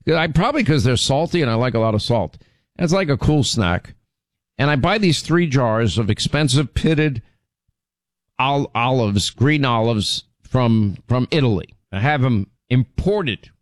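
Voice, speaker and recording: A man hosting a radio show, telling stories in casual chat, his voice jumping up in pitch when he gets indignant. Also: a little slow, dry recording. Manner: animated storytelling, pitch jumps when indignant.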